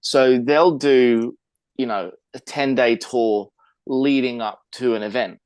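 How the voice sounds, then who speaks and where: A man's voice: mid-range voice, fairly even intonation, slow pace, a little mellow, clear, resonant tone, no echo. A man from England with an English accent, co-hosting a podcast and explaining things at length in casual chat. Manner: chatty, explains at length with fillers and restarts. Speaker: podcast co-host.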